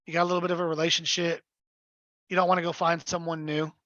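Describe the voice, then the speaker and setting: High-pitched man running a webinar for sales agents, blunt and emphatic; dull, dry lo-fi call audio. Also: little pitch movement, quick pace, bright, forceful tone, no room sound. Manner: blunt and emphatic, often checks in with "right?". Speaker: real estate sales trainer. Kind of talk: live webinar coaching.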